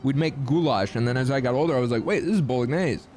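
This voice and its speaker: A young man from the Midwest US chatting casually with his stream chat, swearing freely and making lively asides. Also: mid-range voice, quick pace.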